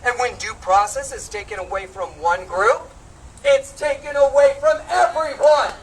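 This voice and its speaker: A woman's voice: high voice, moderate pace. A woman running for office giving an impassioned rally speech outdoors at a protest, recorded from a distance. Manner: impassioned, builds to shouted call-and-response. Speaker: congressional candidate speaking at a protest. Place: outdoors on steps at a street protest. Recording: distant street recording with crowd noise.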